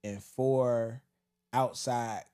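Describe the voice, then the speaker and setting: A man's voice: medium pitch, fairly even intonation, very slow, mellow, smooth. A man co-hosting a casual podcast, telling stories and acting out quotes, laughing often. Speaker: podcast co-host. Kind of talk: casual storytelling chat.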